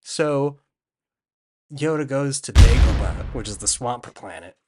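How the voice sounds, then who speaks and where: Young man, comedic recap, rambling, slangy, casual storytelling, mid-pitched voice. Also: lively intonation, measured pace, background noise. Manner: rambling slangy storytelling, quoting characters in a loose offhand way.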